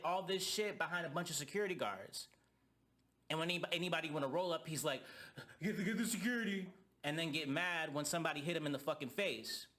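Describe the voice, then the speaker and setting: A man's voice: a little high, pushed and bright. A young man giving a heated, profane rant reviewing a reality TV reunion. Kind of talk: ranting commentary.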